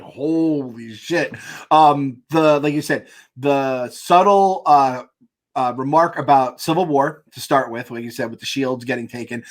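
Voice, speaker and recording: A man's voice: a little high, fairly bright tone. A man co-hosting a casual podcast, reacting loosely with fillers, restarts and laughter. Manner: rambling, many fillers and restarts, laughs often. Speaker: podcast co-host. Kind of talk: casual chat.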